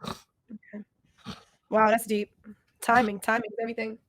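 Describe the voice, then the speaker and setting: A woman's voice: on the high side, flat delivery, normal speed, fairly bright tone, no room sound. A young woman hosting a podcast interview, affirming her guest and laughing often, with casual swearing. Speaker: podcast host.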